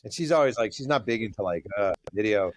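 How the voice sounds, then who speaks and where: A man from New York state, a guest author and journalist, talking in a relaxed conversational way with some hesitant fillers. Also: lowish voice, fast, a little hiss or hum. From New York state, USA. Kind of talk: casual interview talk.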